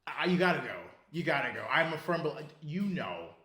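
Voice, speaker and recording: A podcast co-host talks sports in a loose, animated, profane way, rambling and restarting often in a casual chat. His voice is a little high and his pace brisk, and the sound is roomy.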